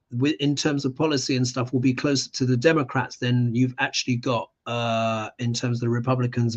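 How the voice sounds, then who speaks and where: A man's voice: medium pitch, lo-fi sound. A man hosting a live astrology show, reading tarot cards and ranting with emphatic passion.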